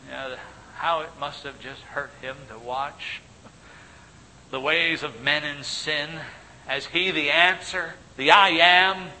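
A man preaches in an unhurried cadence, his tone bright and a little raised. He swings between ringing emphasis and soft, hushed asides. The sound carries a long church reverb over a faint low rumble. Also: steady tone. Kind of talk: sermon.

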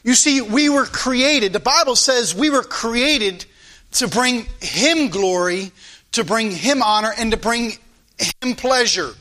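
A man's voice: very high-pitched, animated, takes it slowly, pushed and bright. A man preaching a sermon to his congregation, fervent and repetitive, stretching out key phrases for emphasis. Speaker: pastor.

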